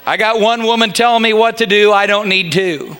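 A man's voice: sits high, a little fast, bright, forceful tone, a little hiss or hum. A middle-aged man, a pastor, preaching a sermon in a folksy, humorous way that rises to fervent pleas.

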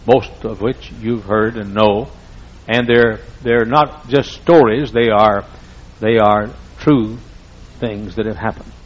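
A man's voice: fairly low pitch, steady tone, slow, lo-fi sound. A man preaching a sermon as pastor, telling folksy stories with emphatic repetition.

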